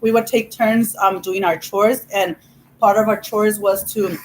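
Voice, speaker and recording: A woman's voice: mid-range voice, steady tone, measured pace, slight background noise, low-quality recording. Chatty woman telling a childhood story. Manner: chatty, laughs often, lots of "you know". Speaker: vlogger host. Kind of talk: casual storytelling while eating.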